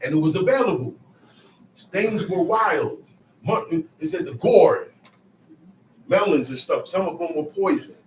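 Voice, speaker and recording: Guy preaching bible study, high lively voice, acts out quotes, echoey room and far mic. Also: unhurried, pauses often. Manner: emphatic, acts out quotes, calls to listeners. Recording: echoey room, distant mic, faint noise.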